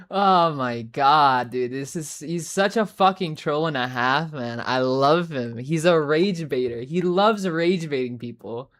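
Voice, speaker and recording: A woman's voice: low-pitched, animated, takes it slowly. Rambling, cussing woman streamer. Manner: rambling, profane, filler-heavy. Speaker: livestreamer. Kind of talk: casual chat.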